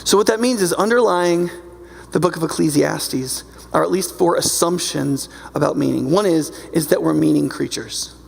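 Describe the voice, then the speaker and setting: A male pastor with a slightly high voice, vocal fry and a breathy edge preaches at normal speed in a church sanctuary. His sermon is loose and conversational with frequent check-ins with listeners, and the recording carries a long hall reverb.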